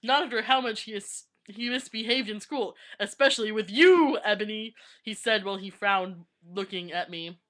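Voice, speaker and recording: A woman's voice: mid-range voice, moderate pace, fairly bright tone. A young woman vlogging at her webcam, reading aloud and often breaking into giggles. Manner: giggly, keeps breaking into laughter while reading. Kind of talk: casual vlog, reading aloud.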